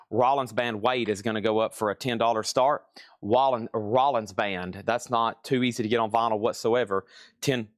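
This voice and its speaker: A man hosts a live-stream record auction, rattling off prices and bids with chatty asides. His voice sits at an ordinary middle pitch, and the sound is close and dry with no room echo. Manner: brisk running price calls, chatty asides. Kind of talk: live-stream sales patter.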